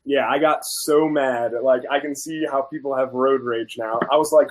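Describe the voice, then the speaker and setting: A man guest on a chat show, telling a story in a casual, animated way and acting out the quoted people. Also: mid-range voice, normal speed, poor audio. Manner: animated, acts out both sides of quoted dialogue. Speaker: guest food reviewer.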